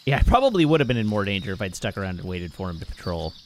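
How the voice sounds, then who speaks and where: A man's voice: on the low side, big pitch swings, rapid-fire, slight background noise. A man hosting a let's play, giving casual gameplay commentary in wry, muttering self-talk.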